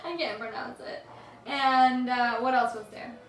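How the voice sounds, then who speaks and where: A woman's voice: on the high side, steady tone, a little slow, a crowd in the background. A woman co-hosting a live cooking stream, chatting casually and asking questions. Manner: chatty, asks questions and reacts. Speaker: co-host reading viewer comments. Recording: echoey room, mic far off, noisy.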